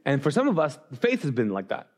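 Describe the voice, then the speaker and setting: A man's voice: mid-range voice, huge pitch swings, quick pace. A male pastor in his forties giving a casual, conversational sermon, telling stories with lots of fillers and restarts.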